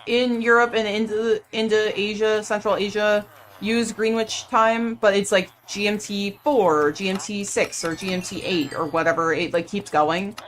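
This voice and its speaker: A woman's voice: fairly high pitch, fairly bright tone. A young woman from the United States chatting casually and playfully on a live game stream, full of "like" fillers.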